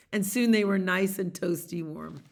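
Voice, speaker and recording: A woman's voice: on the low side, creaky. A woman reading a bedtime picture book aloud as a library storyteller, soothing and asking her listeners questions.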